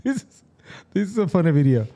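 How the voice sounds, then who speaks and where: Male podcast co-host, warm and dark tone, laughing anecdote teller. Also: a little high, fairly quick. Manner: animated storyteller, laughs often, acts out quotes. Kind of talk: casual chat.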